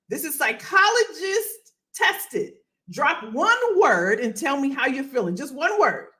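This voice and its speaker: A woman hosting a casual live career session, playful and energetic, repeating phrases and greeting viewers by name. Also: high voice, unhurried. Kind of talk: casual live-stream chat.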